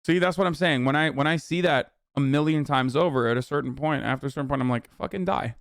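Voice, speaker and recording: A livestream host rants fast as he reacts to chat, sarcastic, heated, and swearing freely. His middle-pitched voice is smooth, resonant, and steady in tone, recorded close and dry with no echo.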